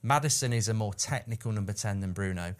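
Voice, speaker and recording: A man giving his views in a casual football chat, animated and argumentative. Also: fairly low pitch, quick pace. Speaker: pundit, United fan.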